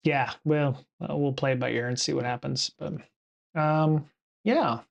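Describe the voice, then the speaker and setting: A man's voice: mid-range voice, fairly even intonation, normal speed, vocal fry, highs cut off. A man hosting a casual livestream show, rambling with lots of fillers and restarts from a home studio. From United States. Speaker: podcast host.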